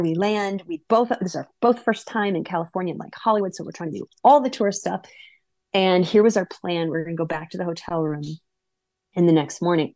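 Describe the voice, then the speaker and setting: A woman in her forties from Wisconsin tells a personal story to an audience, animated and acting out the lines of herself and others. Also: fairly low pitch, dry recording. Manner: animated, acts out her own and others' lines in quick bursts.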